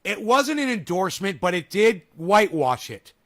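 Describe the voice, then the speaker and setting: A man reacting to a video in casual commentary, sarcastic and swinging into loud rants. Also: high voice, sing-song, normal speed.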